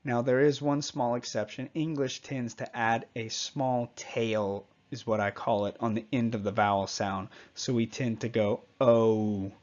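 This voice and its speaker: A man teaching a Spanish pronunciation lesson, patiently repeating each example word slowly and clearly. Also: mid-range voice, steady tone, muffled recording.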